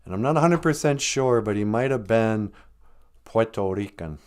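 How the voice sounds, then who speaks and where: A man's voice: medium pitch, expressive, a little fast, smooth. A man from Minnesota, telling a loose, joking, rambling story on a live stream.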